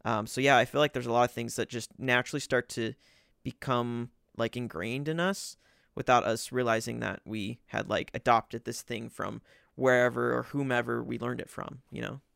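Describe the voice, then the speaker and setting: A young podcast co-host explains his ideas slowly and thoughtfully, with plenty of fillers. His voice is gravelly yet smooth and clear. The sound is dry and close, with no room echo. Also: mid-range voice, steady tone, fairly bright tone. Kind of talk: casual podcast chat.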